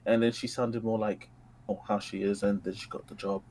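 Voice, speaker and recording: A man's voice: fairly low pitch, flat delivery, fairly quick, darkish tone, rough recording. Man, caller, eager, emphatic, faint background noise. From East London. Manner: enthusiastic, emphatic about favourite games. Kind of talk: casual chat.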